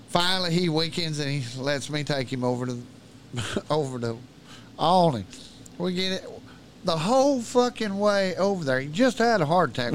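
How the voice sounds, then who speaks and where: A man's voice: fairly high pitch, a little hiss or hum. A man telling a long, profane story in casual podcast talk. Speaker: podcast guest.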